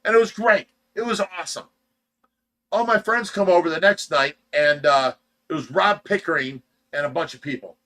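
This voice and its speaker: A man hosting a casual livestream, telling a story with animated shouts and quick impressions, in a Midwestern American accent. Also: fairly high pitch. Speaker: show host telling a story.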